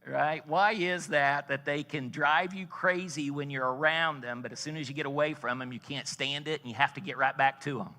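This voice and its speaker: A man's voice: a little high, moderate pace, hardly any pauses, pushed and bright. A man preaching a sermon, telling a story and asking the congregation questions. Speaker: pastor. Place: large church sanctuary. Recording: church hall reverb.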